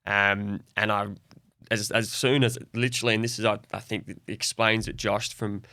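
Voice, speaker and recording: Soft-spoken Australian man, dry close sound. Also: fairly low pitch, little pitch movement, moderate pace, dry recording. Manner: open, reflective, soft-spoken. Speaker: podcast guest. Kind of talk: candid podcast conversation.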